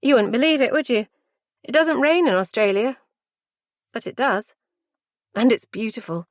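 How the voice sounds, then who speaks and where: A woman narrating a first-person audiobook in a measured, intimate and reflective way. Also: a little high, animated, no room sound, studio quality.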